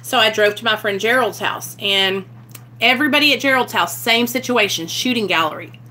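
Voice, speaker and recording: A woman's voice: on the high side, a little fast, sharp tone, a little hiss or hum. A young woman telling a raw personal story to her camera, blunt and candid, swearing freely. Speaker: vlogger sharing her recovery story.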